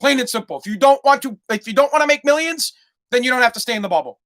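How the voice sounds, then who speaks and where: A man's voice: very high voice, lively intonation, fast, a bit bright. A man hosting a solo podcast, ranting heatedly and swearing constantly. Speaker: podcast host. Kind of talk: profane solo podcast rant.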